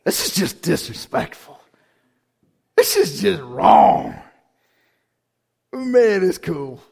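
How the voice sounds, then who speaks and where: A man's voice: sits high, big pitch swings, slow, gravelly, a little mellow, husky. A man preaching a sermon, reading scripture aloud and breaking in with playful, slangy asides.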